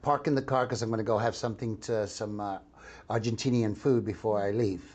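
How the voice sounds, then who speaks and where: An older man, an actor being interviewed, talking in an excitable, rambling way full of restarts. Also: on the low side, fairly quick. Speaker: actor interviewed about a film. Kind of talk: casual interview.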